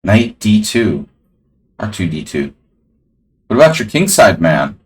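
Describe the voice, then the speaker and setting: A man's voice: lowish voice, sing-song, a little slow. A man casually commenting on his own chess game on a live stream, rambling and talking to his chat.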